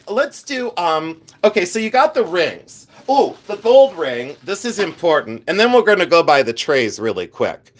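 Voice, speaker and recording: A man hosting a live vintage jewelry sale, chatting casually and rambling as he answers viewers by name, joking at his own expense. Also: a little high. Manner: self-mocking with bursts of playful laughter. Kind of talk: casual livestream selling chat.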